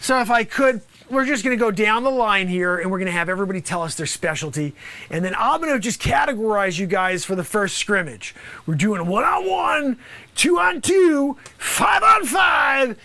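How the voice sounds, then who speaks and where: A man acting out a brash high school basketball coach, bossy and rambling, who keeps breaking into shouts at his players. His voice sits high and bright for a man, with a sharp, forceful edge. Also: big pitch swings, normal speed, no room sound, full character voice. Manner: loud, bossy, rambling with asides. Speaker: improv comedian host. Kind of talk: improv comedy sketch.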